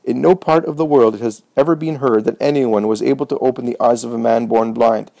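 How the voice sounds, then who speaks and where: A man's voice: mid-range voice, steady tone, brisk, creaky, mellow, no room sound, natural voice. A man voicing a bold young man healed of blindness, earnest and defiant.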